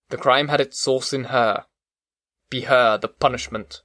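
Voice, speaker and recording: A man narrates a classic novel in a steady, measured reading voice of middle pitch. The sound is close and dry, with no room around it. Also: no room sound. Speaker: audiobook narrator.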